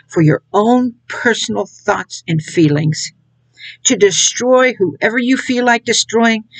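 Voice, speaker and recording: A woman's voice: mid-range voice, gravelly, breathy edge, dry recording, rough recording. A woman preaching an informal sermon with a mocking tone. She laughs at what she describes and acts out other people's words with scorn. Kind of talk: informal sermon to an online audience.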